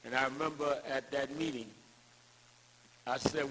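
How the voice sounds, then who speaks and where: A man's voice: mid-range voice, steady tone, normal speed, noisy background. An older man giving a rousing tribute speech at an event, building emphatic, preacher-like cadences around anecdotes. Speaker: speaker at a civil rights tribute.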